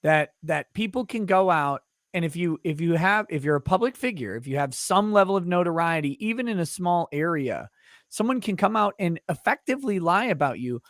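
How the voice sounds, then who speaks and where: A man hosting a casual interview, ranting in a quick, indignant way. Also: on the high side, animated, fairly bright tone, no room sound, clean studio sound. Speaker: host.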